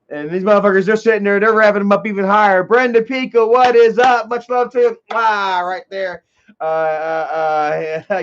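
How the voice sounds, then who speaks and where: A man telling a long, rambling story on a livestream, swearing freely and filling every pause with "you know" while greeting viewers in chat. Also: a little high. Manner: profane, heavy on fillers like "you know". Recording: dull lo-fi livestream audio.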